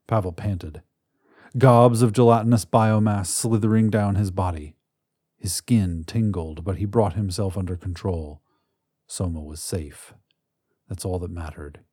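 A man in scripted narration of a science fiction story, telling it in a measured, dramatic way on a close mic. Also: deep voice, dark tone, slightly rough, no echo.

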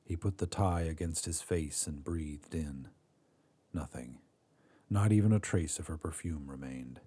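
A man hosting a fiction podcast, reading a short story in a measured way that drops quiet on sad moments. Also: very deep voice, husky. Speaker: podcast host and narrator. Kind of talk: scripted story narration.

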